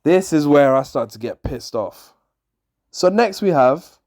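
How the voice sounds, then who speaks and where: A man's voice: fairly high pitch, lively intonation, unhurried, darkish tone. Frustrated young man ranting about wrestling. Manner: frustrated, exasperated, sarcastic. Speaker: wrestling show reviewer. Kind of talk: ranting show review.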